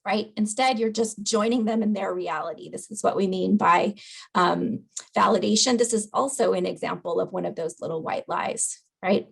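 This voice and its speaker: A woman leads an online caregiving class in an easy, chatty teaching manner and keeps checking in with "right?". Her voice has heavy vocal fry and a husky edge. She speaks at a middle pitch over a video call. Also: moderate pace. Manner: conversational, asks "right?" after points. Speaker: dementia educator. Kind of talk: webinar lecture.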